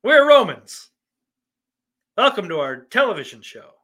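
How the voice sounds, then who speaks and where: Guy putting on a hammy british roman voice, way higher and louder than his own, very pompous. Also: very animated, unhurried, exaggerated voice. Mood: mocking, grandiose. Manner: mock-theatrical, overblown.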